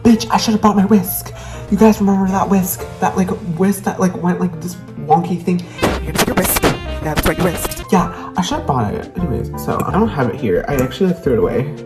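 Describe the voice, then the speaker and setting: A woman hosting a comedic cooking vlog in a crude, profane and playful way, often talking half-hushed. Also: lowish voice, expressive, brisk, music in the background. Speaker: vlogger.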